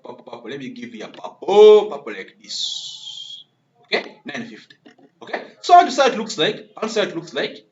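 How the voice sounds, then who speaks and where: A man's voice: high voice, a bit bright, a little hiss or hum. Male coding tutor, repetitive step-by-step delivery, lo-fi muffled recording. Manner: repetitive, keeps asking "okay?". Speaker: coding instructor. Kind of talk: live-coding screen tutorial. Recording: dull lo-fi recording.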